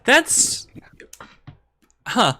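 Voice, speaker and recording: A man's voice: extremely slow, sharp tone. A man from the Eastern United States hosting a casual interview, stammering and repeating words. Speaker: podcast host.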